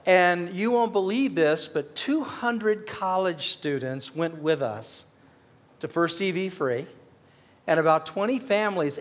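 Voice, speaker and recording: High-voiced man preaching an earnest sermon. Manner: storytelling, earnest, growing fervent and emphatic. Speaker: pastor.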